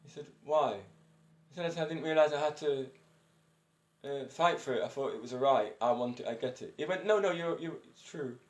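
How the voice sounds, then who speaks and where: A man's voice: medium pitch, a little fast, darkish tone. Breathless man in his fifties. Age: 50s. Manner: rambling, chatty, self-described eccentric, chuckles often. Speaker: vlogger. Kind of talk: casual personal monologue. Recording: roomy echo.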